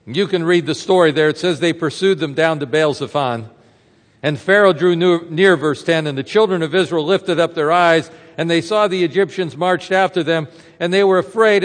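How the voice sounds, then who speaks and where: A man's voice: fairly high pitch, moderate pace. A man preaching a sermon as a pastor, retelling a story in a conversational way and throwing rhetorical questions to the congregation. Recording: reverberant hall sound.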